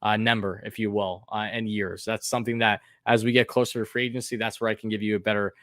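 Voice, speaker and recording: A man hosting a live sports call-in stream, talking in a relaxed, fairly level way with frequent ums and uhs, at a medium pitch. He reads viewer comments aloud between his thoughts, and the sound is dry and close, with no room around it. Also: fast talker, no room sound. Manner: says his own voice sounds monotone; casual, many fillers, reads chat names aloud.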